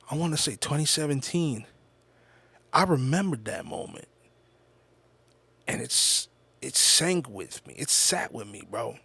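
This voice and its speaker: A man's voice: mid-range voice, vocal fry, fairly bright tone, no echo. A man hosting a podcast, telling a personal story in a casual, reflective monologue. He often stops and repeats words, and he swears freely. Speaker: podcast host.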